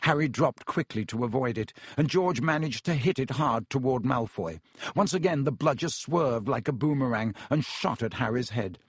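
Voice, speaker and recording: A man narrating an audiobook in a steady storytelling manner. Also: medium pitch, husky, no room sound, clean studio sound. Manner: steady storytelling, doing character voices. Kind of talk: scripted narration.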